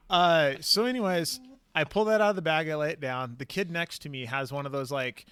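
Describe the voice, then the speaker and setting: A man's voice: on the high side, normal speed, fairly bright tone, clean tone. A man hosting a podcast, telling a long story in casual chat, rambling with lots of fillers and casual swearing. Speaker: podcast host.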